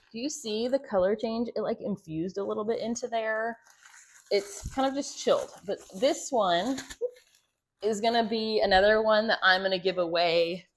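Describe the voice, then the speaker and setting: A woman with a slightly low voice talks her viewers through a homemade project in a casual, chatty way. She rambles, drifts into asides and fills her pauses with little hesitations. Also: a little hiss or hum. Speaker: homestead vlogger. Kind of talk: casual how-to chat.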